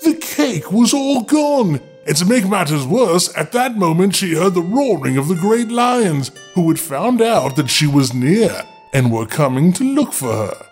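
A high-voiced man reads a fairy tale with a very lively, up-and-down delivery. He keeps stopping to make sarcastic jokes, and faint music plays behind him. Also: measured pace. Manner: sarcastic, joking interruptions. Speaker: storyteller host. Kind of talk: fairy tale reading with comic asides.

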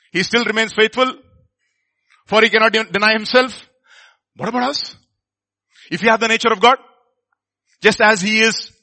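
A man preaching a sermon, emphatic, asking the congregation questions and leaving pauses for them to answer. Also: high voice, sharp tone.

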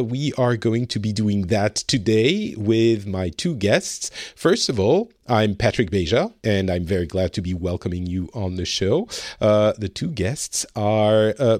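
A man hosting a podcast in casual chat, upbeat and quick to laugh. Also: on the low side, darkish tone, no echo, clean studio sound. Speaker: podcast host.

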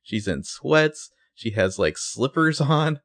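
A man's voice: mid-range voice, animated, takes it slowly, fairly bright tone, no echo. A man co-hosting a podcast, chatting bluntly and casually about a TV episode with frequent swearing and fillers. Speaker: podcast co-host. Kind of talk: casual recap chat.

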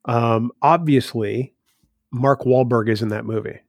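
A man's voice: medium pitch, steady tone, unhurried, vocal fry, dry recording. A man, telling family stories in a casual chat with dry humor. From New Hampshire. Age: 50s.

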